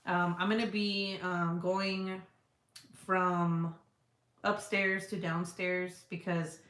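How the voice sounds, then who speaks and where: A woman in her thirties chats casually on a live stream, blunt and full of swearing, and laughs often. Her voice sits fairly low, and the cold room at home gives it a roomy, echoing sound. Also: little pitch movement, slow pace, a bit bright. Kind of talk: casual live chat, reading viewer comments. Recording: echoey room.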